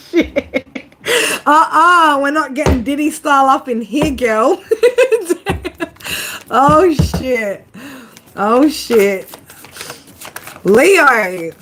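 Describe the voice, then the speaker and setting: A woman's voice: sits high, lively intonation, slow pace, pauses often, a bit bright, slight background noise. A woman giving a casual tarot reading to her viewers, swearing freely, laughing often and talking straight to them. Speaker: tarot reader.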